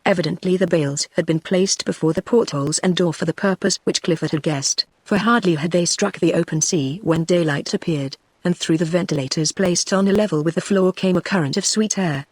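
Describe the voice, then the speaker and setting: A text-to-speech voice of a woman with a British English accent, reading an audiobook in an even, steady way. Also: lowish voice, a little fast, hardly any pauses, slightly rough, no room sound. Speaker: audiobook narrator.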